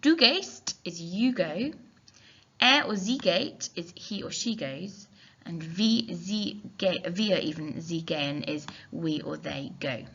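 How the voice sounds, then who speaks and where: A woman's voice: on the low side, animated, takes it slowly, fairly bright tone, breathy edge. A woman teacher, explaining a recorded lesson step by step, spelling words out and thinking aloud on a dull, lo-fi recording. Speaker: German teacher.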